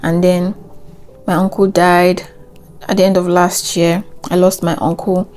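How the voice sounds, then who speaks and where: A woman's voice: lowish voice, level tone, measured pace, darkish tone, faint music behind. A young woman with a Nigerian accent giving a rambling, earnest life update, full of "you know" fillers. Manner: earnest and reflective, speaking of faith. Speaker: vlogger. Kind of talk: casual life update monologue.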